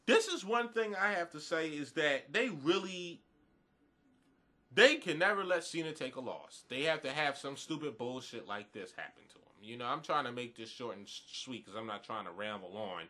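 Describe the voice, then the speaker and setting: A man's voice: fairly high pitch, expressive, moderate pace, pushed and bright. A man giving a blunt, profane, rambling review of a wrestling event in a casual rant, groggy this morning.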